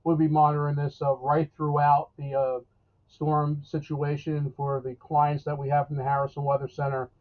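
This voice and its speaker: A New weatherman chats about the forecast in a rambling, folksy way, stopping and restarting his sentences. His voice sits a bit high for a man. It comes through a thin, tinny, phone-like line. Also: completely flat delivery, moderate pace. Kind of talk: casual live interview.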